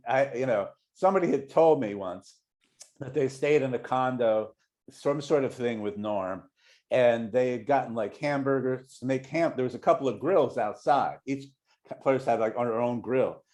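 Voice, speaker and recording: A middle-aged man, a longtime TV showrunner, telling casual anecdotes in a rambling way, full of restarts and quick acted-out voices for the people he quotes. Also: medium pitch, darkish tone.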